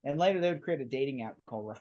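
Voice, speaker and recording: A man's voice: mid-range voice, rapid-fire, muffled recording. A man co-hosting a casual podcast, telling stories and acting out scenes with laughs. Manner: animated storytelling, acts out scenes with laughs. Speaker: podcast co-host. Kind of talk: casual chat.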